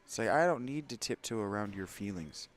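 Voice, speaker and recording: A man's voice: fairly low pitch, expressive, a little fast. A man hosting a let's play, giving candid, opinionated gameplay commentary with rambling asides to his viewers.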